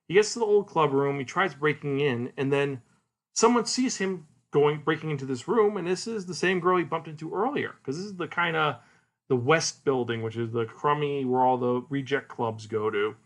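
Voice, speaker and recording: A man hosting a podcast, retelling a comic's plot in a casual, animated way and acting out its characters. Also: on the high side, normal speed. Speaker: podcast host. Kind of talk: casual solo manga review.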